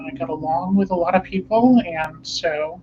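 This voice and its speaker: A woman speaking as an interview guest, measured and pausing often with "um". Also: lowish voice, dull audio, very noisy. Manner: measured, with frequent "um" pauses. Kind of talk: interview conversation.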